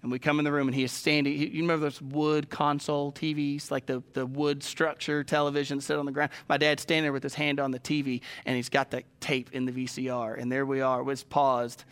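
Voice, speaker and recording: A man's voice: medium pitch, flat delivery, fast talker, hardly any pauses, a bit bright, smooth. A man preaching a sermon, telling stories and addressing the congregation directly. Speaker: pastor.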